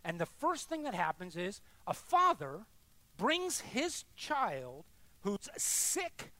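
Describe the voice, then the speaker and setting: A middle-aged male pastor preaches slowly and emphatically, his pitch lively and wide-ranging. He shifts between hushed, confessional lines and loud, insistent repetition, speaking directly, with no room sound in the recording.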